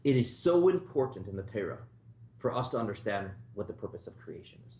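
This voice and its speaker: A man's voice: on the low side, sing-song, fairly quick, dark tone, slight background noise. A man teaching an informal Torah class, telling stories in a conversational way and putting questions to the class. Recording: roomy echo.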